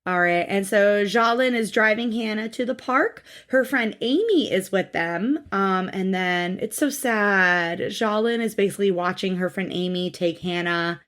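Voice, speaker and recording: A woman's voice: mid-range voice, a little slow, hardly any pauses, fairly bright tone. Blunt, swearing woman podcast co-host. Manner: blunt, swears freely, acts out quotes in mocking voices. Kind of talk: casual recap chat.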